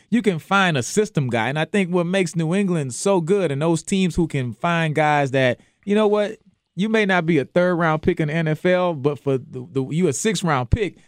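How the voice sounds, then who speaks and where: A man from New Orleans, a former football player, talking sports in a relaxed way, often restarting his sentences. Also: a little high, moderate pace, no echo, clean studio sound. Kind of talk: casual sports chat.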